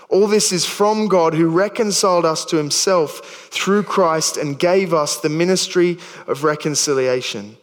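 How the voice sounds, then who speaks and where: In a large church hall, a man in his thirties with an Australian accent preaches a sermon in a chatty, stumbling way, cracking self-deprecating jokes. His voice is a little high and a little slow, with hardly any pauses.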